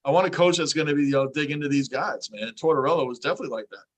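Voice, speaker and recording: On a podcast he co-hosts, a man chats casually about sports, animatedly acting out quotes from coaches. His pitch is fairly high and his delivery rapid-fire.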